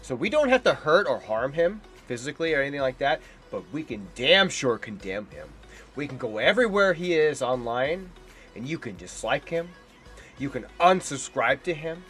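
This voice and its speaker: A man's voice: mid-range voice, very animated, moderate pace, fairly bright tone, faint music behind. A man giving heated, scornful reaction commentary on a debate clip. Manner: indignant, heated and scornful, ranting. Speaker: political commentator.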